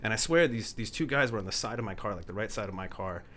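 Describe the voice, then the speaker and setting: A man's voice: lowish voice, expressive, fast talker, a bit bright, a little hiss or hum. A man, a podcast guest, casually telling stories with bursts of laughter. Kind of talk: casual storytelling.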